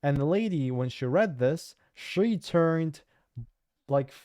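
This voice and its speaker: Young guy doing sarcastic news chat, smooth mellow voice, dry close mic. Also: a little high, expressive, slow, dry recording. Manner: sarcastic, chatty, with fillers and restarts. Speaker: host. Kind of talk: casual news commentary.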